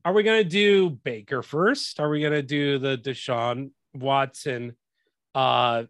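A man's voice: mid-range voice, measured pace, a bit bright, clear, resonant tone, no room sound. A man hosting a podcast, telling a long story as a profane, exasperated rant in a casual way. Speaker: podcast host.

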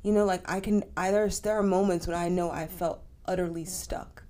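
A woman co-hosting a podcast, talking in an expressive, affirming and colloquial way in casual chat. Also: on the low side, moderate pace. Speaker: podcast co-host.

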